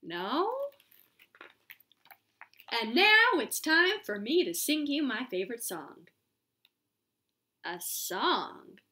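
High, lively storytime lady. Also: drawn-out words, pauses often. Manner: playful, exaggerated, with silly sound effects. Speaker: children's storytime host. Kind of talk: reading a picture book aloud to children.

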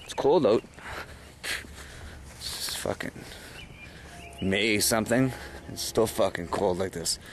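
A man's voice: lowish voice, slow, pauses often, slight background noise. Drunk man rambling on a walk home. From Canada. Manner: slurry, sighing, swearing constantly. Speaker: vlogger. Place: outdoors at night, walking home. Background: faint outdoor ambience with birds.

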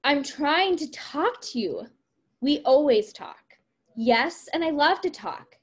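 A woman's voice: high voice, animated, takes it slowly, pitched above the performer's own voice. A woman reading aloud the lines of a thoughtful young woman who loves ideas. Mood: earnest.

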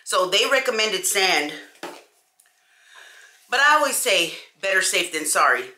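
A woman chatting casually to camera as a beauty vlogger, animated and talking straight to her viewers. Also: mid-range voice, unhurried, a little hiss or hum. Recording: echoey room.

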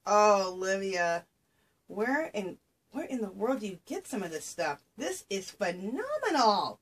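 At home in front of a camera she arranged herself, a woman excitedly opens craft gifts, bursting into breathless exclamations. She speaks at a measured pace in a medium, slightly rough voice whose pitch swings widely.

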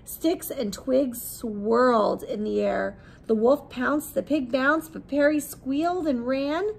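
Preschool teacher at storytime: a woman with a gently encouraging manner, a slightly high voice, and a gravelly texture. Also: takes it slowly, rough recording. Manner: gentle, questioning, encouraging children. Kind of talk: storytime read-aloud.

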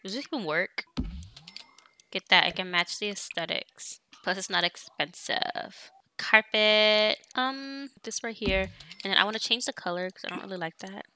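A woman's voice: mid-range voice, moderate pace, bright, forceful tone, a little hiss or hum. A young woman casually commenting on her life-sim game as she plays, chatting to viewers and bossing her characters around. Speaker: let's play streamer.

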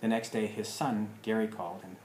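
A man telling a personal story in a casual, rambling way, full of pauses and fillers. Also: lowish voice, level tone, darkish tone, reverberant, slight background noise, rough recording. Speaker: alternative practice teacher.

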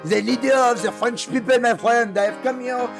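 A grandstanding French head of state, as a gamer puts him on, high-pitched and gravelly, hamming up every line. He leans on "my friend" again and again over faint music. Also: big pitch swings, moderate pace, full character voice. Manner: theatrical, keeps saying "my friend". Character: pompous male French leader, shouting "my friend". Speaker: player leading France. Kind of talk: multiplayer strategy game role-play.

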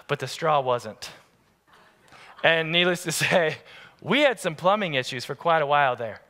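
A man preaching a sermon as pastor, telling family stories in an animated, lively way. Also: fairly high pitch, unhurried. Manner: animated, acts out family scenes. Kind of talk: storytelling sermon. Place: church sanctuary. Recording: long church-hall reverb.

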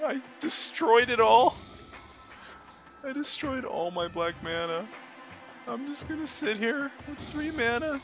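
A young man giving casual, excitable commentary on his own card game, swinging from low mutters to high yelps, laughing and swearing. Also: measured pace, pauses often, music in the background. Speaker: gaming video host.

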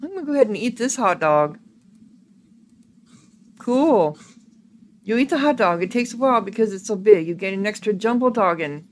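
A woman playing a video game and reading its text aloud, thinking out loud casually with hums and ums. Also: medium pitch, expressive, normal speed, pauses often, slight background noise. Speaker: gaming video creator.

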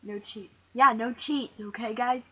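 A young woman narrates her own gameplay in a slow, higher-pitched voice, jumpy and excitable, talking to herself as she goes. She sounds shaky and close to tears. The home recording is dull and lo-fi, with a faint hiss underneath. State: shaky and teary. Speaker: gamer. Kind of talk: let's play commentary.

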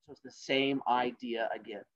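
A male teacher telling fables to an online class, jokey and animated, with sarcastic asides, in a dull lo-fi recording. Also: mid-range voice, moderate pace. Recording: dull lo-fi sound.

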